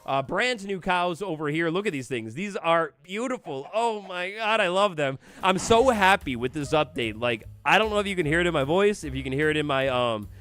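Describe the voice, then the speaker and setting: A male gaming streamer with a slightly high voice that swings up and down as he chats. He rambles casually and answers viewer comments aloud, with faint music playing behind him. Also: expressive, normal speed, hardly any pauses, fairly bright tone. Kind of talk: casual livestream chat.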